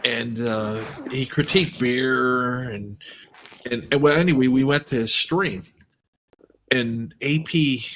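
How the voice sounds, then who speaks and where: A man's voice: medium pitch, steady tone, takes it slowly, fairly bright tone, a little hiss or hum. A man hosting a casual stream, telling a long funny story and laughing often. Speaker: streamer host.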